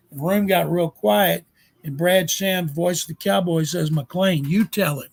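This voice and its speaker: A man in his seventies with a Texan accent, a guest sportswriter telling animated anecdotes in an interview. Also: high voice, unhurried, vocal fry. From Texas. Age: 70s. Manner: animated anecdote-teller, acts out quotes. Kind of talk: storytelling interview.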